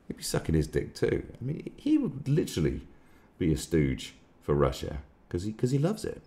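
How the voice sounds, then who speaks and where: A man's voice: deep voice, wildly swooping pitch, moderate pace, warm tone. A man hosting a live stream, ranting sarcastically and swearing a lot in casual commentary. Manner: crude, sarcastic, swears often.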